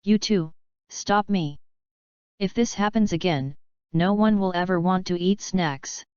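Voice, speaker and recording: A woman's voice: lowish voice, measured pace, a little mellow, clear, resonant tone, dry recording, lightly acted. A woman voicing a cheerful, bossy young robot girl, with a scolding-then-chirpy delivery. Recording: dull lo-fi recording.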